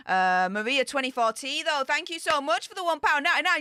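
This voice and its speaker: A British woman giving scornful live-stream commentary in an excitable voice that swings between shrieks and mutters. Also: sits high, fast talker, hardly any pauses, heavy background noise. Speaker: royal news commentator.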